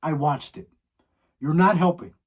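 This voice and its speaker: A teenage boy rants into his own podcast mic, complaining in a dramatic, exasperated way. His voice sits a little high for a young man. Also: measured pace. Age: teens. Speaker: podcast host. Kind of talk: solo podcast rant.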